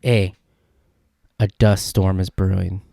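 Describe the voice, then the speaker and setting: A young man from California, hosting a casual solo podcast and telling a rambling, excitable story full of "dude" and "like". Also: sits low, slow pace, creaky, dry recording, studio quality. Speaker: podcast host.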